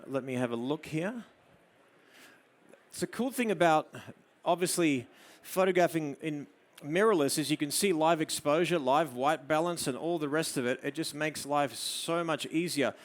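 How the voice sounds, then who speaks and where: A man with an Australian accent giving a live photography demo, explaining his camera settings and coaxing a model with soft murmured praise. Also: on the high side, moderate pace. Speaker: photography presenter. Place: studio demo before an audience.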